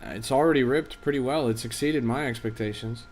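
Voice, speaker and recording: A man's voice: mid-range voice, a little fast, a little hiss or hum. A man streaming as a crypto trader, giving casual, offhand livestream commentary that is often profane as he reads and answers his chat.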